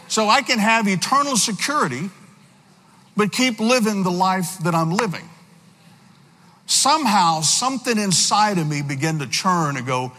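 A man giving a personal testimony in a church, telling his story earnestly with halting restarts. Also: high-pitched, animated, fairly bright tone. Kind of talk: sermon testimony. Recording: long hall reverb.

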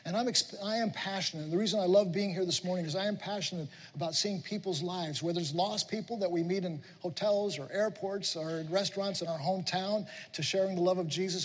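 A man preaching a sermon in a church, telling lively stories and acting out voices. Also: high-pitched. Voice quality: animated storytelling with playful voices. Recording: echoey hall.

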